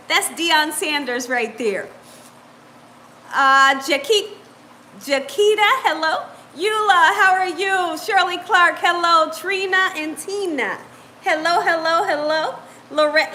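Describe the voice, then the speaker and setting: Chatty woman hosting a live stream, super high bright voice, laughs a lot, faint hiss behind. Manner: upbeat, chatty, greets viewers by name; laughs often. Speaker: cooking channel host. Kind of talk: live-stream chat with viewers.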